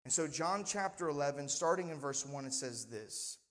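A man's voice: a little high, animated, moderate pace, fairly bright tone, in a large hall. A male pastor preaching a sermon in a conversational manner, often asking the congregation for responses. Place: church sanctuary.

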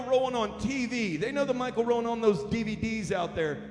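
A man in his forties preaching a sermon in a large church, building from quiet storytelling to impassioned shouting. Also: very high voice, a little fast, hardly any pauses. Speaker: pastor. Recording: echoey hall with music underneath.

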